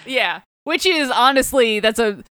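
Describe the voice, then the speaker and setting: A woman's voice: on the high side, expressive, measured pace, a bit bright, no echo. A woman recapping a book in casual chat, swearing freely and acting out quotes in a raised voice. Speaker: podcast co-host.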